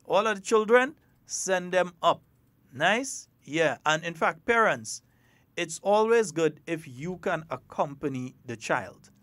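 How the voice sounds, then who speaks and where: A man's voice: on the high side, lively intonation, slow pace, fairly bright tone, dry recording. A man with a Grenadian accent hosting a casual morning radio talk show, chatty and playful, slipping between creole and standard English.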